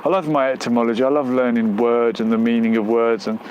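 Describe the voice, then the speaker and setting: A man's voice: medium pitch, level tone, quick pace, a little mellow, slight background noise, poor audio. A man hosting a casual live stream outdoors near a road, reading out viewer comments and musing aloud with lots of fillers. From United Kingdom.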